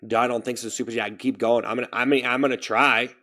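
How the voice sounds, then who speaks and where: A man's voice: medium pitch, steady tone, fast, bright, forceful tone. A man chatting on a live stream, rambling and repeating himself as he vents about feeling like a failure. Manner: rambling, repeats himself, self-pitying venting. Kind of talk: casual live-stream chat.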